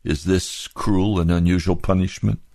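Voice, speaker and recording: A male preacher delivering an impassioned sermon full of rhetorical questions, climbing to high emphatic peaks. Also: fairly even intonation, normal speed, vocal fry, warm tone, no echo, clean studio sound.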